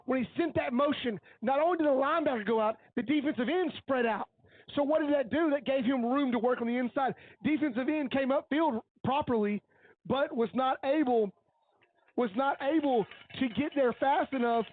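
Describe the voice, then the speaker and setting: A man giving coach-like color commentary on a high school football game, earnest and openly emotional as he breaks down each play. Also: moderate pace, dry recording, phone-quality sound. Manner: analytical, coach-like breakdowns of plays.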